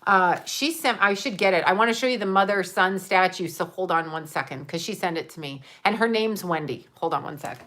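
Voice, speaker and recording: A woman's voice: fairly low pitch, a little fast, few pauses, bright, forceful tone. A middle-aged woman chatting casually to her viewers, rambling with many fillers as she shows and thanks them for gifts. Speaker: vlogger opening gifts for viewers. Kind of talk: casual chat to camera.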